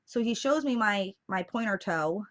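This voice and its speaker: A woman's voice: mid-range voice, lively intonation, moderate pace, fairly bright tone. A young woman vlogging casually to camera, telling a story in a chatty way with lots of fillers. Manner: chatty storytelling, many fillers, laughs through it. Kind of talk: casual vlog chat to camera. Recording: slightly dull lo-fi sound.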